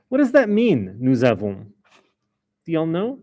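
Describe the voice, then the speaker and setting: A man's voice: fairly high pitch, wildly swooping pitch, a little slow, darkish tone. A man teaching a French class in a casual explaining way, with many fillers. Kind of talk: recorded class lesson.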